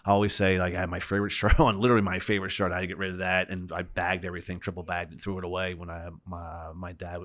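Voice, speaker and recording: A middle-aged man, a podcast guest, retelling a personal story with lively quoted voices. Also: low voice, fast talker, few pauses.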